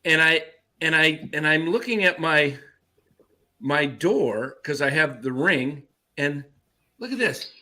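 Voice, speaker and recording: A man telling a story in a casual chat, animated and acting out the people he quotes. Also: slow pace. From Arizona. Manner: animated, acts out quotes in a loud high voice. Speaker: podcast regular telling a story.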